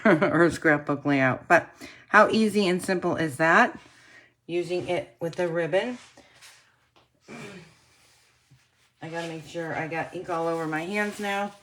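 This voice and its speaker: A woman casually demonstrating card-making techniques, chatting to viewers and often clearing her throat. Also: sits low, fairly bright tone. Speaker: craft demonstrator.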